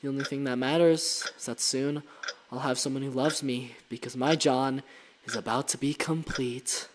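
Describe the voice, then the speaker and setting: A man's voice: medium pitch, steady tone, moderate pace, a little hiss or hum, close to an everyday voice. Man reading as a taunting female shadow spirit.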